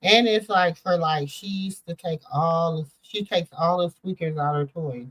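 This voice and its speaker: A woman's voice: lowish voice, normal speed, fairly bright tone, poor audio. Rambling, easygoing middle-aged woman host. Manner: loose, rambling storytelling with lots of fillers. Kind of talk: casual chat.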